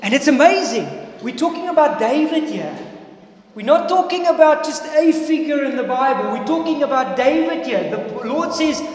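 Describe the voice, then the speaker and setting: A South African man preaching a sermon to a congregation, earnest and emphatic, with loud stresses and quiet asides. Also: extremely high pitch, animated, normal speed. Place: church hall. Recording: echoey hall with long reverb.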